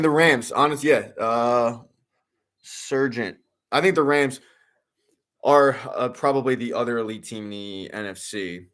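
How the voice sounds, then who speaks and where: Young guy rambling about football on a watch-along stream, lowish voice, lots of ums and swearing. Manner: rambling, filler-heavy, excitable sports fan, swears. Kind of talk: casual live commentary and chat.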